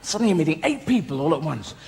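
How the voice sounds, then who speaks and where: A man's voice: on the high side, very animated, racing, gravelly, a little mellow. An English man doing live stand-up comedy on stage, rambling animatedly and jumping in and out of voices. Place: theatre stage, live audience. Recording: echoey hall, noisy live room.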